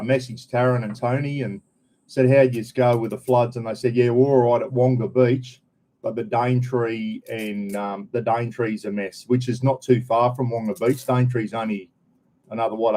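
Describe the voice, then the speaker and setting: Male North Queensland Aussie host, casual live chat, mellow tone, rambling and slangy. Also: mid-range voice. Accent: North Queensland Australian. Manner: laid-back, rambling, broad colloquial slang. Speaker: vlogger. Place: home, indoors.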